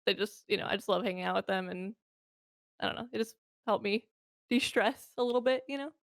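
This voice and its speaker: A woman streamer chatting as an interview guest in a relaxed way, full of "like" and "you know". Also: medium pitch, a little fast, gravelly, dry recording, studio quality. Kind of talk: casual interview chat.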